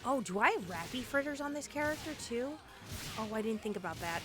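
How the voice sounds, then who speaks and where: With a somewhat high, expressive voice and a slightly quick pace, a woman streams an online game while chatting casually. Exclamations come often, set against faint game music.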